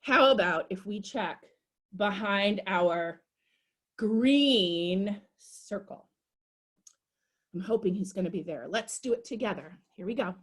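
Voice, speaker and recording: A woman's voice: medium pitch, slow pace, long pauses, breathy edge. A young woman leading a storytime for toddlers, talking in a sing-song, encouraging way as she does rhymes and shapes with little ones. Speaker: children's librarian.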